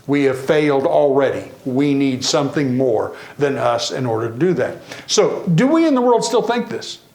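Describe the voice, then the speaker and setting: A man preaching a sermon in a church, animated, varying his pace and acting out the people he quotes. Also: mid-range voice, normal speed, vocal fry, echoey room. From Tennessee.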